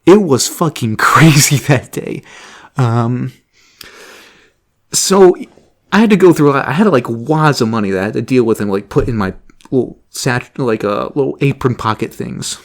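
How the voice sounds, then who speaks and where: A man's voice: medium pitch, moderate pace. A young man telling a rambling, casual story, laughing often and swearing freely. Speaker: vlogger.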